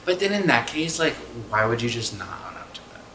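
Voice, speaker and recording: A man's voice: mid-range voice, very animated, fairly quick, bright, forceful tone, a little hiss or hum. A man co-hosting a podcast, rambling casually and thinking aloud with many restarts. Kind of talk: casual chat. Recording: echoey room.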